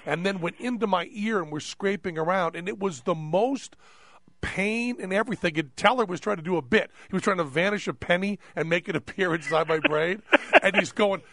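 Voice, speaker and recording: A man hosting a casual radio chat, telling stories in an animated way and laughing often. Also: high voice, brisk, no room sound. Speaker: radio host.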